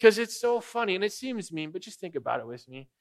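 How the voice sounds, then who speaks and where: A man's voice: high-pitched, sing-song, fast. Joking, conversational male pastor. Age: adult father of young children. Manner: conversational, joking, asks the congregation questions. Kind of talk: sermon.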